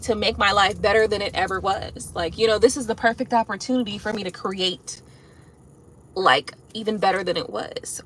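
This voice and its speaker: A woman chatting casually and venting in a car, profane and animated, with frequent laughs. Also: medium pitch, slight background noise. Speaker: tarot reader vlogger. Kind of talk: casual venting chat while driving.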